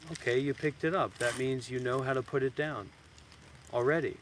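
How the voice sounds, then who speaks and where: A man's voice: medium pitch, normal speed, a little hiss or hum. Blunt, teasing male meditation teacher. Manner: blunt, teasing, suddenly loud then soft. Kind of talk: dharma talk. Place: outdoors in a graveyard.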